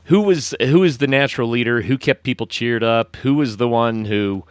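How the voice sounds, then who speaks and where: A man's voice: mid-range voice, normal speed, clear, resonant tone, dry recording. A man hosting an adventure podcast, asking open questions and giving short affirmations. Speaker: podcast host. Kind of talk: interview questions.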